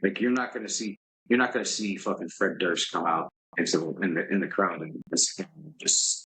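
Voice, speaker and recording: A man's voice: deep voice, normal speed, fairly bright tone, husky, poor audio. A man guesting on a podcast, telling a candid, rambling story and swearing casually. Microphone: podcast microphone.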